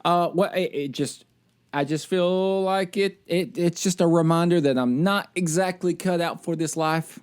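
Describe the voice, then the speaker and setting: Fired-up ranting man, fairly high voice. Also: unhurried, clean tone. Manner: animated ranting storyteller. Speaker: podcast co-host; military service member. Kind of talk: casual podcast chat.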